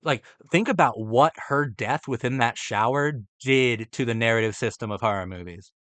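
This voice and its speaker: A man's voice: mid-range voice, moderate pace, a bit bright, no echo. A man reacting to a horror movie ranking list, ranting with profane, exasperated sarcasm.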